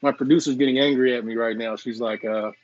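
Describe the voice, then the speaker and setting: A man hosts a live cooking stream, chatting casually, tasting food on camera, and playfully apologizing to his viewers. He talks fast in a medium-pitched, darkish voice with fairly even intonation, and the dry, dull lo-fi stream audio has a slight hiss or hum.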